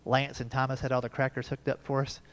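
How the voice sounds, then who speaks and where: A man's voice: medium pitch, little pitch movement, fast talker. A man in his fifties performing a stand-up comedy set, telling folksy family stories with punchy asides at a live show in a church hall. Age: 50s.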